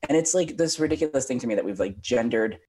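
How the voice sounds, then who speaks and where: A guest actor talking in a casual podcast chat, reflective and chatty with many filler words. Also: male voice, mid-range voice, lively intonation, quick pace, crowd noise.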